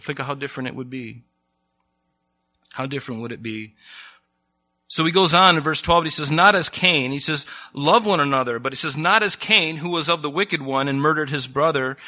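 A man's voice: medium pitch, moderate pace, bright, forceful tone. A man preaching a sermon in a conversational way, often asking the congregation questions.

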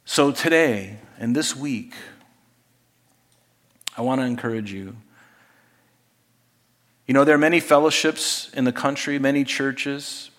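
A man preaching a sermon as pastor, conversational, dropping to hushed asides and rising to emphatic points. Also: medium pitch, unhurried, long pauses. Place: church sanctuary. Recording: long hall reverb.

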